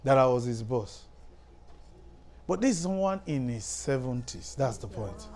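A man's voice: medium pitch, very animated, measured pace, darkish tone, faint music behind. A man from Africa preaching, telling a personal story with chuckles and quoted dialogue. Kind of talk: sermon told as a personal story.

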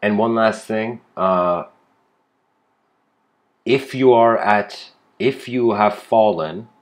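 A man's voice: on the low side, takes it slowly. Rambling man giving a spiritual talk. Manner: rambling, with frequent restarts and casual asides. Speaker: spiritual speaker. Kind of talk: improvised spiritual lecture.

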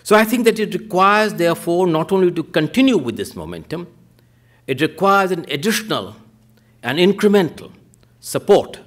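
A man delivers a formal panel talk with a lively, animated pitch. His voice lifts on the points he stresses and sinks low and quiet at the close of each sentence. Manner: measured, rises in pitch on key points then trails off low. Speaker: panel speaker. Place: lecture theatre.

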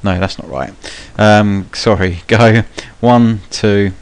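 A man's voice: on the low side, steady tone, slow pace, smooth. A young man giving casual, rambling live commentary for a gameplay tutorial, with frequent ums and cheeky swearing. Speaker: gaming channel host.

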